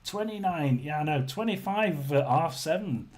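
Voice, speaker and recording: A man from England hosting a casual live chat, rambling with restarts and clearing his throat often. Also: fairly high pitch, lively intonation, moderate pace, darkish tone. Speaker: livestream host.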